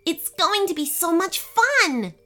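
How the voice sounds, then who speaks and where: A woman voicing an excited, cheerful little boy who shouts his lines. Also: sits high, measured pace, full character voice. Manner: shouting, exclamatory.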